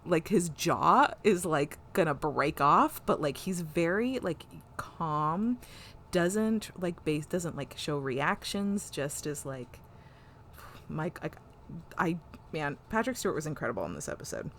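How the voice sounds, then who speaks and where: Lively, low-voiced woman recapping an episode. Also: unhurried, a little hiss or hum. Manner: animated, swearing, frequent "like". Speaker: podcast co-host.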